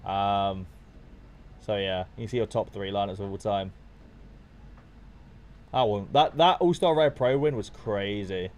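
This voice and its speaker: A young man chatting casually to his viewers on a live stream while watching football, swearing freely and getting excited. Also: on the low side, unhurried, pauses often.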